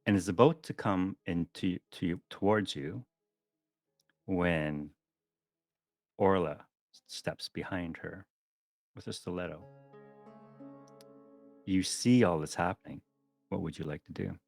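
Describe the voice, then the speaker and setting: Man, game master, very low voice, relaxed chatty narration. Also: takes it slowly, vocal fry, long pauses, dry recording, soft background music. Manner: relaxed, chatty, with frequent ums and self-corrections.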